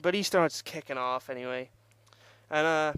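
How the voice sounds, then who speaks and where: A man's voice: a little high, normal speed, fairly bright tone, clean tone, dry recording. A young man telling a rambling, profane party story in casual vlog style and laughing at himself. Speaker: vlogger.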